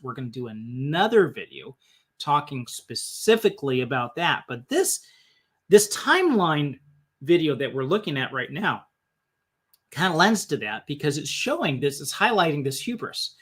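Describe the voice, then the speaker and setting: Host, a man with a fairly high voice, musing and thinking aloud on a live stream. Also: big pitch swings, normal speed, fairly bright tone, breathy edge.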